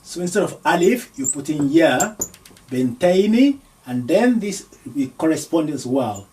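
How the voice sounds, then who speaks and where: A man teaching an Arabic grammar lesson, slowly sounding out words syllable by syllable as he writes them. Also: a little high, sing-song, a little mellow, far from the mic, a little hiss or hum. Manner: slow, deliberate, sounding out syllables.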